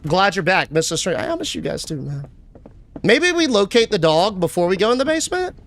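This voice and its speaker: A young man streaming a game live, chatting casually and answering his chat with shout-outs. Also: high-pitched, sing-song, fairly quick.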